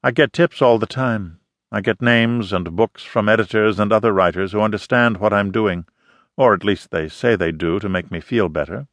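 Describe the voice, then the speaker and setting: A man's voice: on the low side, moderate pace, a bit bright, dry recording. A man voicing an intense middle-aged woman photographer with a slight foreign accent and formal, emphatic phrasing, read in an audiobook. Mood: earnest. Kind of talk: audiobook character reading.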